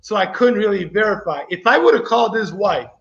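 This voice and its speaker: Talking fairly quickly in a high voice with a fairly bright tone, a male vlogger rambles through a story for his viewers, keeping things casual and chatty. Echo fills the slightly dull recording.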